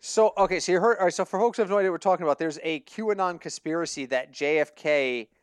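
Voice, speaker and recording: A man's voice: a little high, fast, smooth, no room sound. A man co-hosting a casual sports betting podcast, telling stories animatedly and laughing at his own jokes. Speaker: podcast co-host.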